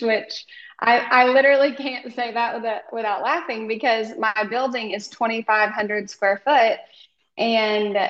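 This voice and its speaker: A woman's voice: mid-range voice, reverberant, lo-fi sound. A woman from Oklahoma, a hairstylist guesting on a podcast, talking in a friendly, rambling way with many ums. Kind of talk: casual podcast interview.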